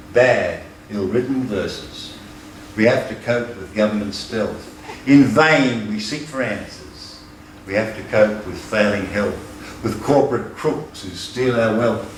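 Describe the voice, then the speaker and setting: An older Australian man recites rhythmic verse at a folk club, landing low and firm on each refrain. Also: slight background noise. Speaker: folk performer. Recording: roomy, distant live recording.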